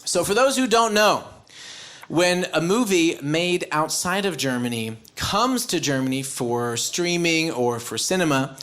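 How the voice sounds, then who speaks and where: American male stand-up, high swooping voice, unhurried delivery, shouts his punchlines. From United States. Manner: animated, mock-shouting punchlines, loud impressions. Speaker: stand-up comedian. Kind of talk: live stand-up set. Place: comedy stage before a live audience.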